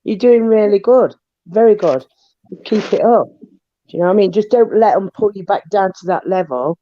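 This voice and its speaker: A woman's voice: mid-range voice, animated, moderate pace. A woman, congested with a cold, rambling in casual livestream chat. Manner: rambling, chatty, peppered with "you know what I mean". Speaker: panel guest. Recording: dull, lo-fi, dry online call audio.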